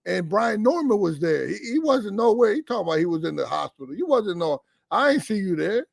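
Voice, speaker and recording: Brief: blunt male caller, high raspy voice, swears a lot, arguing hard. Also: sing-song, brisk, no room sound, clean studio sound. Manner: blunt, profane, argumentative. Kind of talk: phone-in chat.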